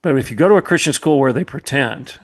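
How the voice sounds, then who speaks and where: A man's voice: mid-range voice, expressive, quick pace. A middle-aged man hosting a podcast, delivering an impassioned commentary monologue with an emphatic, repetitive, preacherly cadence. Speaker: podcast host, former college president.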